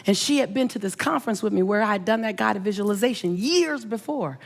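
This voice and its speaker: A middle-aged woman, a motivational speaker, telling an emotional personal story with animated, emphatic delivery and repeated phrases. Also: mid-range voice, quick pace, gravelly.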